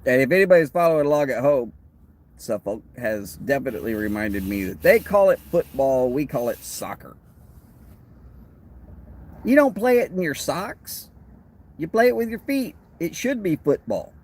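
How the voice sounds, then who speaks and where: A man's voice: fairly high pitch, big pitch swings, moderate pace, a little mellow. A man with a Texan accent hosting a live stream, chatting in a rambling way and answering viewers' comments. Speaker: livestream host. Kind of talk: casual live-stream chat.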